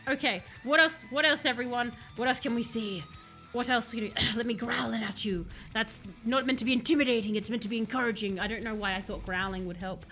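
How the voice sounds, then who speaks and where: A woman with a high, bright voice chats her way through a live horror game stream from her home computer. She talks straight to her viewers, jumpy and chatty, with music playing faintly behind her. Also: fast.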